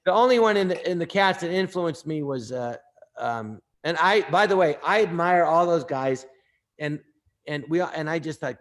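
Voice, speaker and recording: Man, fairly high-pitched, actor and comedian, casual anecdotes, animated, slips into impressions. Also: normal speed.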